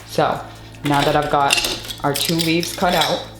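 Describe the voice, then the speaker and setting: A woman demonstrating a stained glass tool in a casual tutorial vlog, explaining as she works and often gushing with excitement. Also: deep voice, measured pace. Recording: echoey room with faint music.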